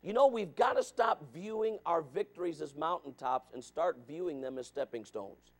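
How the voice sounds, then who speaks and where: A man preaching a sermon, asking the congregation questions and calling for amens, dropping to low asides and rising to shouted points. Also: lively intonation, moderate pace. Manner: preaching with rhetorical questions and calls of amen.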